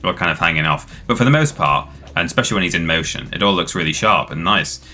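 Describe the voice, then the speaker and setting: A man's voice: deep voice, lively intonation, fast talker, pushed and bright. A man hosting a live stream, giving chatty, rambling, enthusiastic commentary on the game he plays. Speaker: streamer host. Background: faint game music.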